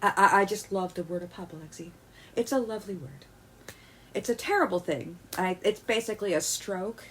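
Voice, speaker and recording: A woman vlogger on an agitated rant, tripping over her words as she restarts sentences. Her voice sits at an ordinary middle pitch, but she swings from loud bursts to quiet muttering. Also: normal speed, slight background noise. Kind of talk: ranting commentary.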